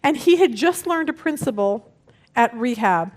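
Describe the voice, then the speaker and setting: Lively woman Bible study teacher. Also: a little high, moderate pace. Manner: lively storytelling, acts out quoted people.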